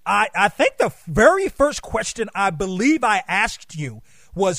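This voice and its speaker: A man's voice: high voice, sing-song, measured pace, vocal fry, fairly bright tone, dry recording, studio quality. A man hosting an interview show, asking long, rambling questions with enthusiasm. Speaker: show host.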